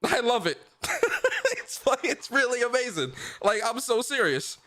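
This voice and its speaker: A man's voice: very high voice, lively intonation, moderate pace, sharp tone. A male livestream host chatting casually in slangy talk, laughing often.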